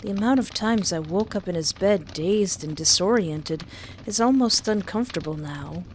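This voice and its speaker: A woman narrating a first-person story in a measured, hesitant way, pausing often. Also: medium pitch, a little hiss or hum. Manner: slow, measured reading with hesitant pauses.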